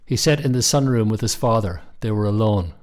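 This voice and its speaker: Middle-aged male storyteller; steady, measured reading, low register. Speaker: narrator.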